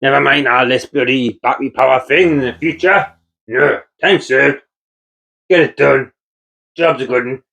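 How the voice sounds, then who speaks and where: A man's voice: mid-range voice, steady tone, normal speed, gravelly, pushed and bright. A Geordie man from North East England, a builder vlogger giving a jokey, mock-dramatic monologue to camera, teasing and swearing casually.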